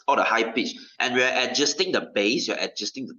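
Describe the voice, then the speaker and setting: A male teacher talks a class through a lesson, his voice bright and forward. He is chatty, tosses in "lah" and "ma", and keeps checking in with "okay?" The recording sounds dull and lo-fi. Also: medium pitch, lively intonation, quick pace, few pauses. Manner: drops in local particles like "lah" and "ma". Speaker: science teacher. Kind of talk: classroom lecture.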